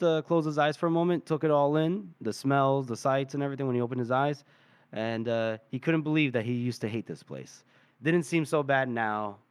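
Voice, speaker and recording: A man's voice: mid-range voice, clean tone, no room sound. Laughing casual podcast man. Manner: loose storytelling with frequent laughs and fillers. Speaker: podcast host. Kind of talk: casual chapter recap.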